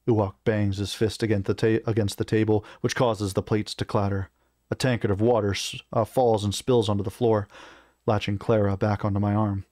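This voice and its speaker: A man reading a fantasy novel aloud in steady first-person narration, with a few small stumbles. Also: fairly low pitch, moderate pace, dry recording, clean studio sound. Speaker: reader of a novel.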